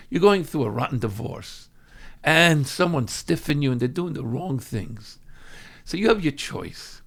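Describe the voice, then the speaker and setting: A man teaching as a rabbi in a dramatic way. He swings between loud outbursts and hushed asides, and acts out everyday people when he quotes them. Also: mid-range voice, vocal fry. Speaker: rabbi teaching a weekly class. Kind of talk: animated religious teaching.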